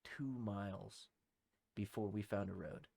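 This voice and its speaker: A young man co-hosting a podcast, telling a rowdy story in casual talk, swearing heavily and shouting out the lines of people in it. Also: lowish voice, steady tone, measured pace, gravelly, no room sound, clean studio sound. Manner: heavy swearing, acts out shouted quotes. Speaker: podcast co-host.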